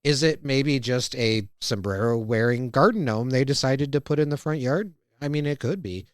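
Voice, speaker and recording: A man hosting a podcast, recapping a cartoon episode in relaxed casual chat. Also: mid-range voice, moderate pace, clean tone, no echo, studio quality. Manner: relaxed, recaps scenes by reading out quotes. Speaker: podcast host.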